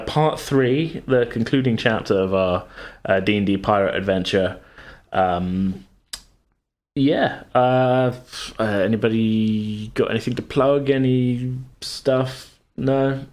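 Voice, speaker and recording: A man hosting a casual podcast chat, speaking haltingly with plenty of filler sounds. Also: medium pitch. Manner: hesitant, many filler sounds. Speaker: podcast host.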